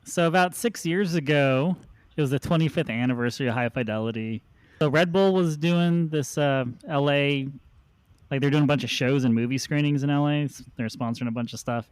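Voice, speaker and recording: A man's voice: on the high side, brisk, clear, resonant tone, dry recording. A man hosting a podcast, telling long rambling anecdotes in a casual chat. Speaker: podcast host.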